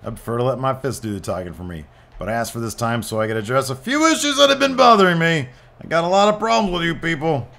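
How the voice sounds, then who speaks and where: A man's voice: medium pitch, animated, fast talker, creaky, fairly bright tone, pitched above the performer's own voice. A man voicing a proud male wrestler who speaks earnestly and formally in a promo, read out over gameplay.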